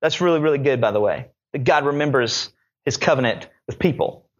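A man's voice: mid-range voice, lively intonation, brisk, muffled recording. A man preaching a sermon, retelling scripture in a conversational, dramatic way. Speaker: pastor.

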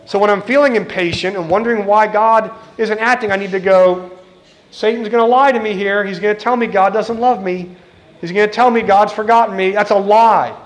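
A man's voice: high voice, steady tone, brisk. A middle-aged man preaching a sermon in an earnest, direct way, speaking to the congregation and acting out the voices he quotes.

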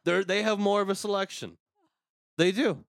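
A man's voice: high-pitched, steady tone, normal speed, creaky, no room sound. A man hosting a podcast, ranting crudely and sarcastically in casual comedic talk. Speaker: podcast host.

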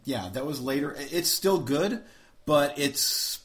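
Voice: mid-range voice, expressive, a little slow. A podcast co-host giving enthusiastic, opinionated takes on films in casual chat. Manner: opinionated, enthusiastic film talk.

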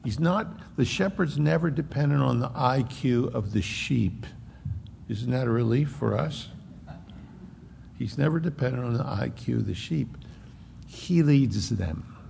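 A man preaching a sermon, emphatic and conversational, slowing down to stress points. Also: medium pitch, creaky, darkish tone. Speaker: pastor. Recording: long hall reverb, faint noise.

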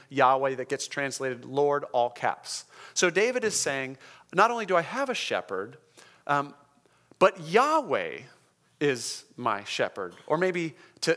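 A man's voice: on the high side, a bit bright. Conversational man preaching a sermon. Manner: conversational, emphatic, checks in with the congregation; slows down to stress key words. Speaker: pastor.

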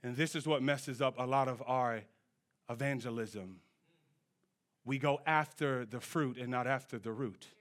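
A man preaching a sermon in church, swinging from low, quiet lines to shouted peaks and drawing answers from the congregation. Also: measured pace. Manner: call-and-response with the congregation. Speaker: pastor.

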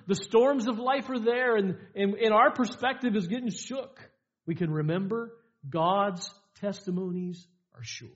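High-voiced emphatic preacher, man. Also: muffled recording. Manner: emphatic preaching with repeated lines and dramatic pauses. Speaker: pastor. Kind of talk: sermon. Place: church sanctuary.

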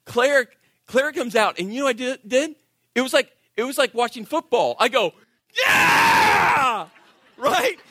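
Animated high-voiced man preaching. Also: a little fast, dry recording, clean studio sound. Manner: animated storytelling, acts out voices, drops to quiet intensity. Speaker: pastor. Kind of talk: sermon.

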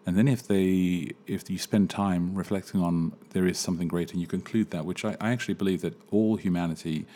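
A man hosting a daily faith podcast, talking in an earnest, reflective way with halting restarts. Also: sits low, steady tone, dark tone. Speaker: podcast host.

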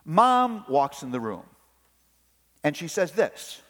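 Middle-aged male preacher, slightly high voice, storyteller, hall echo. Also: slow. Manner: animated storytelling, acts out family voices. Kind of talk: sermon on parenting. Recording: long hall reverb.

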